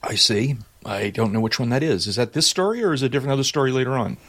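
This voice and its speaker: A male podcast host in loose, casual chat. He teases his co-hosts in an easygoing, rambling way, with plenty of fillers and restarts. His pitch sits at an ordinary middle level. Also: very fast, fairly bright tone. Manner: teasing, chatty, many fillers.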